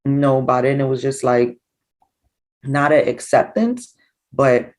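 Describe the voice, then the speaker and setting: A woman's voice: very deep voice, unhurried, long pauses, rough recording. Middle-aged New woman telling her story. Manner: animated, acts out quoted dialogue. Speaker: interviewee, bereaved mother. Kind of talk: emotional personal storytelling.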